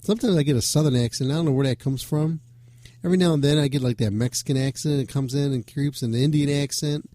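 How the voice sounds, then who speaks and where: Male rock show host, rambling casual chat, swears a lot, warm dark voice. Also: medium pitch, quick pace, no room sound. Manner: loose, joking, swears freely.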